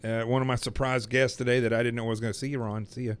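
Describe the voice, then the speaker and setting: A man from Arkansas hosting a talk show, chatting casually and joking with a caller and often pausing on fillers. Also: mid-range voice, level tone, clear, resonant tone, no echo. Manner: joking, friendly, lots of fillers.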